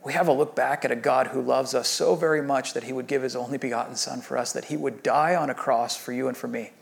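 A man in his thirties, a pastor, preaching a sermon in a conversational storytelling way that swings from lively to hushed. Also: medium pitch, fast, creaky.

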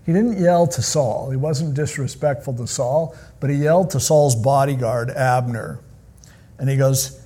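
A male pastor preaching a sermon in an animated, conversational style as he retells a Bible story. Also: medium pitch, normal speed, breathy edge.

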